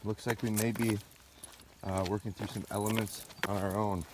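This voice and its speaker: A fairly low-voiced man talks casually to viewers while working his dogs outdoors on a farm, breaking off for short, firm heel and sit commands. His phone or tripod camera picks up noticeable outdoor noise. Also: level tone, moderate pace. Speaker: dog trainer. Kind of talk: live outdoor training stream. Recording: noisy outdoor livestream.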